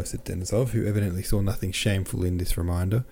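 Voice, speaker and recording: A man narrating a classic novel as an audiobook in a steady, measured reading. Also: low-pitched, a little hiss or hum. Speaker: audiobook narrator and podcast host.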